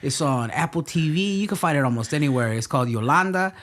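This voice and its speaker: A man's voice: a little high, lively intonation, fast talker, a bit bright. A male stand-up comedian in casual chat, giving advice in a slangy, reassuring and emphatic way. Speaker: stand-up comedian, podcast guest.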